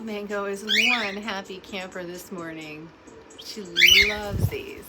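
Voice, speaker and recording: A young woman casually narrating a vlog about her pet birds at home. She laughs often and coos to them in a high sing-song voice. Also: takes it slowly. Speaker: pet bird vlogger. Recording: loud bird chirping noise behind.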